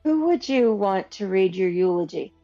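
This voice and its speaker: A woman hosting a podcast, reading out listener questions in a brisk, casual way. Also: medium pitch, animated, warm tone, no room sound, highs cut off, soft background music. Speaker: podcast host.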